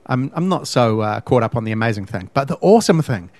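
A man's voice: mid-range voice, animated, fast, hardly any pauses, a little mellow, dry recording. A man co-hosting a podcast in casual chat, ranting emphatically and fussing over word meanings. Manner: ranting, emphatic, pedantic about words. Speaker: podcast co-host.

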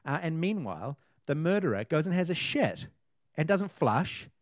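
A man's voice: a little high, very animated, normal speed, dry recording, studio quality. A man, co-hosting a casual chat and rambling with lots of fillers and restarts. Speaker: podcast co-host.

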